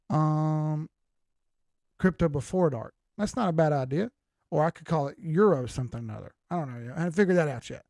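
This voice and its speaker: Older dude chatting on a crypto livestream, kinda high voice, swears a lot, reads comments off the screen. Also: male voice, gravelly, a little mellow, no room sound, clean studio sound. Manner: loose, profane, chatty, reading out viewer comments. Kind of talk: casual livestream chat.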